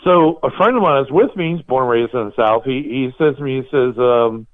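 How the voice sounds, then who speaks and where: A man's voice: medium pitch, fairly quick, few pauses. Storytelling man on a tinny line. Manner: animated storytelling, laughs at himself. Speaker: podcast host. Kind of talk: casual chat.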